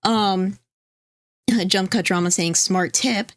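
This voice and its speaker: A woman co-hosts a livestream in loose, rambling talk, picking up comments from chat as she goes and dropping casual swears. Her voice sits mid-pitch and sounds close and dry, with no room around it. She speaks from a home streaming setup. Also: slow, no echo. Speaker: stream co-host.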